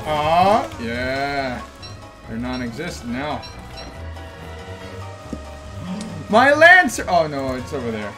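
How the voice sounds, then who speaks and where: A young man streaming a game, talking to himself in bursts that swing from loud yelps to low mutters. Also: sing-song, slow, pauses often. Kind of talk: gaming commentary. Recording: game music underneath. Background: game music.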